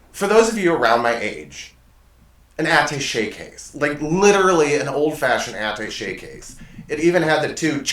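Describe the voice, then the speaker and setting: A man's voice: mid-range voice, fairly bright tone, slight background noise. A man hosting his own show, telling stories in a rambling, self-correcting, self-deprecating way at his desk. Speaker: show host. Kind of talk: casual monologue storytelling. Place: desk in a home studio. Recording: echoey room, mic at a distance.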